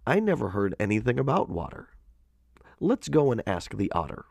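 A man voicing a puzzled mother fish in a storybook parable, speaking plainly and quickly. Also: on the low side, very animated, gravelly, darkish tone, breathy edge, no echo, full character voice.

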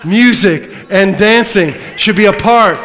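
A man preaching a sermon as a pastor, swinging from loud emphatic lines to hushed asides, with humorous remarks. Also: high voice, unhurried, slight background noise. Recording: long reverb of a large hall.

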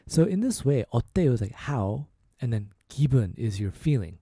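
A man with a deep, mellow tone hosts a relaxed language lesson. He speaks close to the mic in a dry, dead room and slows right down to repeat each phrase. His pitch rises and falls a lot as he models every word. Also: breathy edge, no room sound. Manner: slow, repeated demonstration of phrases. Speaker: language teacher, podcast host. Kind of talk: casual spoken language lesson.

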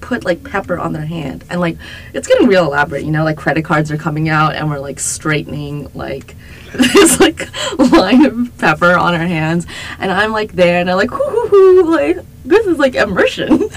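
A young woman co-hosting a podcast, telling a lively story in casual chat with lots of fillers and laughter. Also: low voice, moderate pace, a little hiss or hum, rough recording. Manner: animated, laughing, many fillers. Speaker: podcast co-host.

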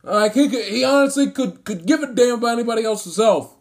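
Speaking briskly in an extremely high-pitched voice, this man is a sports commentator in the middle of an angry rant. He sounds indignant and emphatic, driving his arguments home through repeated phrases.

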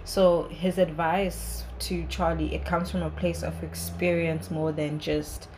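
A woman's voice: deep voice, level tone, unhurried, background noise. A young woman hosting a podcast, giving an earnest, chatty solo review full of "like" and "you know". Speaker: podcast host.

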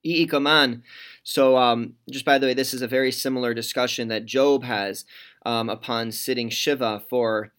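A man teaching a Talmud class reads Aramaic lines aloud, then explains them in plain, conversational English full of fillers and restarts. His voice is medium-pitched, clear, resonant, and fairly bright, with fairly even intonation and a moderate pace.

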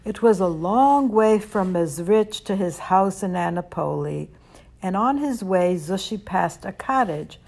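A woman reading a children's story aloud, gentle and expressive. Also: mid-range voice, unhurried, vocal fry.

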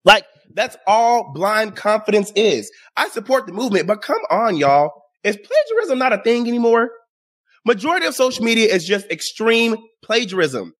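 A man hosting his own show, giving casual opinion commentary in a sarcastic, exasperated way and addressing his audience directly. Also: sits high. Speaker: show host.

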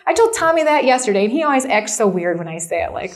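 High-pitched woman speaker, middle-aged, casual sermon, informal and self-mocking. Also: big pitch swings, quick pace, few pauses. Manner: chatty, self-deprecating, lots of "like" and "right?". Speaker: camp meeting speaker. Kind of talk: conversational sermon.

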